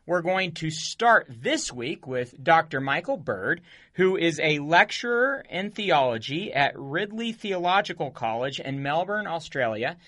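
A man's voice: on the high side, sing-song, measured pace, pushed and bright. A man hosting a radio show, interviewing his guest eagerly and with enthusiasm.

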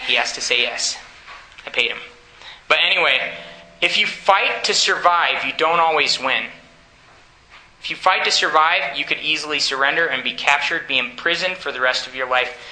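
Bright-voiced man preaching in an echoey room. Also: on the high side. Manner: earnest, exhorting, asks the audience questions. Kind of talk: sermon.

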